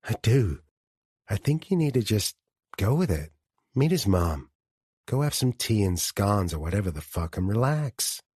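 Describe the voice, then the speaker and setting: A man's voice: lowish voice, very animated, measured pace, a little mellow, breathy edge, no room sound, studio quality, exaggerated voice. A man voicing a blunt, affectionate woman friend who teases and reassures in an audiobook. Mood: encouraging. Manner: frank, teasing, reassuring. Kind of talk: audiobook character dialogue.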